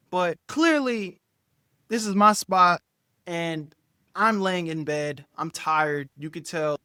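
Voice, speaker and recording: A young man tells a personal story to the camera in a loose, profane, animated way. He acts out quotes and swings from quiet asides to loud bursts. His voice sits a little high, and the sound is dry and close. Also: clear, resonant tone, no echo. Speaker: storytime YouTuber. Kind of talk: casual storytime monologue.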